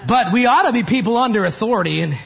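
A man preaching a sermon as pastor, animated and rising to loud shouts at times. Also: high-pitched, quick pace, vocal fry, husky.

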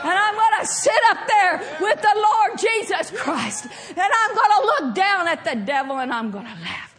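A woman preaching a sermon with fervour, often breaking into shouts and laughter as she drives each point home. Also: very high-pitched, expressive, moderate pace, a faint crowd.

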